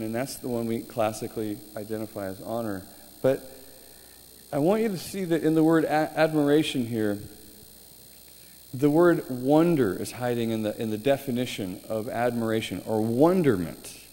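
A male preacher telling stories in a sermon, animated, with halting restarts. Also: mid-range voice. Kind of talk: sermon storytelling. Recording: reverberant hall, faint noise.

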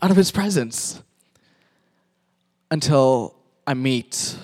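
A man's voice: mid-range voice, expressive, takes it slowly, a little mellow. A man from Pakistan, a pastor, animatedly narrating a sermon skit and directing volunteer actors.

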